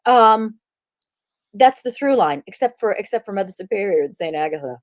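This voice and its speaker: A woman's voice: mid-range voice, moderate pace. A woman, an actress as guest, telling stories in an interview over a video call and acting out the voices she quotes. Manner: animated, acts out quoted voices. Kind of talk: interview storytelling.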